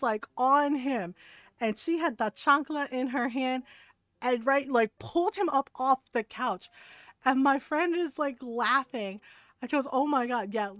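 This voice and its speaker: A woman streamer casually telling a long family story, animated and full of "like" and "right?". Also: sits high, no room sound. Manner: animated, many fillers like "right?". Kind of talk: casual storytelling while gaming.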